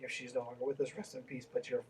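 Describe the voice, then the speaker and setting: A man's voice: medium pitch, little pitch movement, quick pace, darkish tone, far from the mic, a little hiss or hum, poor audio. A man hosting a podcast, reading a book aloud and breaking off into snarky, sarcastic commentary with plenty of swearing.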